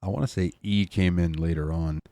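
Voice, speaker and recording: A man's voice: sits low, fairly even intonation, a little fast, dark tone, dry recording. A man guesting on a casual podcast, telling stories in an easygoing way. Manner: easygoing, storytelling.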